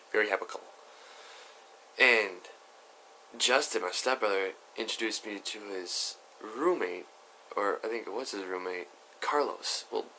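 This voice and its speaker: A man's voice: lowish voice, bright, forceful tone, slight background noise. A young man telling a story on his vlog in a chatty, rambling way, full of asides. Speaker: YouTuber.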